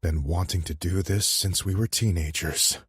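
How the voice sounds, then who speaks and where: A woman voicing a scarred, ruthless grown-man mafia boss in an audiobook, in a low, slow murmur. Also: slightly rough, dry recording, heavily acted. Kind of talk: audiobook character voice.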